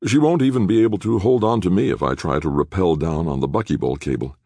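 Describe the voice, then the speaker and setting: A man's voice: low voice, fast talker, warm tone, no room sound, studio quality, voice pushed up. A man playing a determined man on the run who gives urgent, commanding orders.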